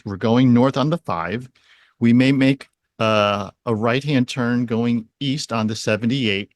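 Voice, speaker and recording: Man explaining clearly on a dry mic. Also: medium pitch, measured pace, no echo. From San Diego area. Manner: explains with worked examples. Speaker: SEO strategist guest. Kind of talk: explanatory podcast interview.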